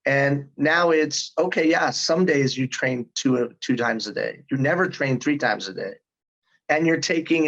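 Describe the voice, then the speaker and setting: A man's voice: medium pitch, a bit bright, lo-fi sound. A man in his fifties telling his story in a casual interview, earnest and emphatic. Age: 50s. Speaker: guest.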